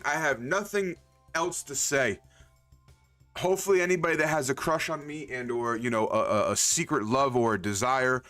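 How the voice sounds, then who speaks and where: A man streaming a game, with excitable, joking, profane casual commentary. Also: mid-range voice.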